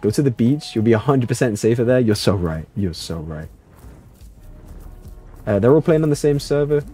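A young man doing live gameplay commentary, playful and excitable, reading chat and yelping at the action. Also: normal speed, breathy edge, faint music behind. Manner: playful and excitable, jumping to high yelps. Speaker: streamer.

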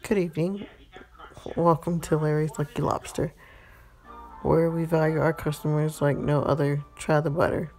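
A woman's voice: deep voice, steady tone, normal speed, darkish tone, soft background music, poor audio. A woman voicing a rude, sarcastic female waitress with a curt delivery.

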